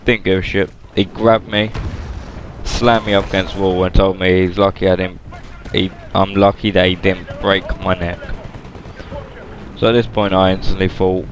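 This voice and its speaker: A man, casually telling a story to his viewers in a flat, matter-of-fact way. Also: deep voice, normal speed. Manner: flat, matter-of-fact retelling with plain slang. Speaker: vlogger.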